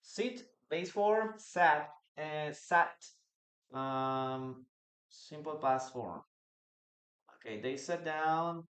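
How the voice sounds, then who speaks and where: Speaking extremely slowly yet with animation, this Peruvian-accented man has a fairly high, fairly bright voice. He's teaching English in a live online class, responding to viewers' chat questions, and the room echoes.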